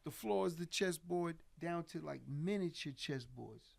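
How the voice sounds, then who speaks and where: A middle-aged man telling stories as a podcast guest in a casual, animated way. He swears freely and laughs through his tales. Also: on the high side, unhurried, vocal fry. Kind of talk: casual storytelling interview.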